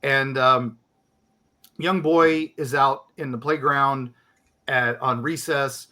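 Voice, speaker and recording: A man's voice: medium pitch, fairly even intonation, takes it slowly, pushed and bright. A man co-hosting a podcast in casual chat, rambling and restarting mid-sentence as he sets up a story. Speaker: podcast co-host.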